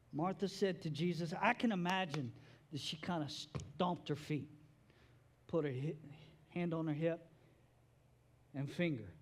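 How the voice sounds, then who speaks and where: A man, a father, preaching a sermon in a chatty, conversational way, repeating words as he builds each point. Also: on the high side. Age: adult father. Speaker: pastor.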